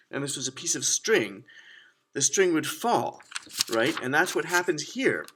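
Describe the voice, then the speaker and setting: A man's voice: on the high side, fairly bright tone. A young man teaching a children's music lesson, counting and chanting rhythms aloud in an upbeat way.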